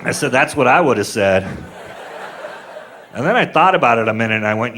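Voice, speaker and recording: A man's voice: medium pitch, lively intonation, fairly quick, long pauses, sharp tone, a little hiss or hum. A man in his forties doing a stand-up comedy set, telling crude stories in a rambling, laid-back way with lots of filler words. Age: 40s.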